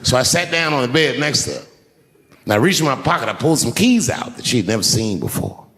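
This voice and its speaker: Animated male stand-up comic in a hall. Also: fast, vocal fry, slightly rough. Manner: swings between shouting punchlines and low, hushed asides. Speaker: stand-up comedian. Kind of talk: stand-up comedy storytelling. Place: large performance venue on stage. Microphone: handheld stage mic. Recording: long hall reverb, faint noise.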